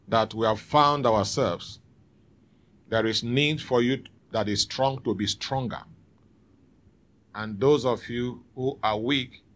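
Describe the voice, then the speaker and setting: A man's voice: medium pitch, fairly bright tone. A man preaching a sermon in church, calling out to the congregation for responses. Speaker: pastor.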